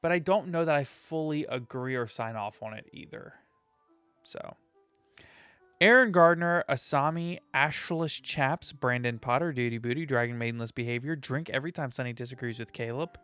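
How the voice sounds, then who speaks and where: A man's voice: medium pitch, moderate pace, bright, forceful tone, clean tone, no room sound, soft background music. A man hosting a casual podcast, upbeat and jokey, reading sponsor notes and lists of names. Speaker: podcast host.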